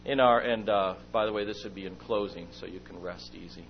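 Middle-aged guy preaching a story, lively, acts bits out, muffled recording w/ a bit of hum. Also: deep voice, fairly quick. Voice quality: lively storyteller, acts out his own shouting and whispering. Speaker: speaker at a church meeting. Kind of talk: sermon with personal stories. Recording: dull lo-fi recording with faint hum.

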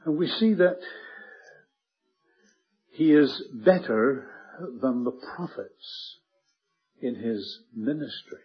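Husky-voiced preacher, lo-fi sermon recording. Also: male voice, mid-range voice, animated, faint music behind. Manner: earnest, emphatic, slows and drops to a hush on key words.

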